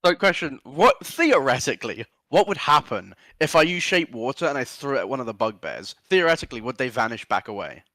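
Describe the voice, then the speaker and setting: A man's voice: medium pitch, sing-song, fairly quick, few pauses, pushed and bright, dry recording. A man playing a tabletop game, chatting casually and asking curious questions full of fillers. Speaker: player.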